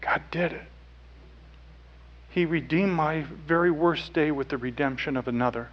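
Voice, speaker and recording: A man speaking on stage, telling a personal story earnestly, dropping to hushed tones at times. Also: on the high side, highs cut off. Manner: earnest, with quiet hushed stretches. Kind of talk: emotional storytelling talk.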